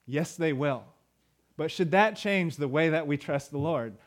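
A man's voice: on the high side, lively intonation, unhurried. A male pastor delivering a sermon in a conversational way, with fillers and emphatic repeated lines.

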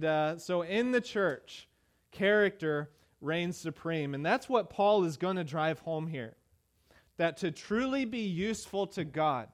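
Man preaching a conversational sermon. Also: sits high. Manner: conversational preaching with frequent uh fillers and repetition; emphatic rhetorical repetition. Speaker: pastor.

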